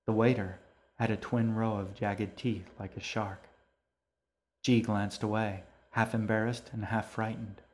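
Male storyteller, lowish voice, steady, calm narration. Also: measured pace. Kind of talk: audiobook narration.

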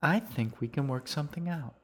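A man's voice: a little high, lively intonation, a little fast, breathy edge, voice pushed up. A man reading aloud, voicing a friendly, self-assured young woman who teases two kids.

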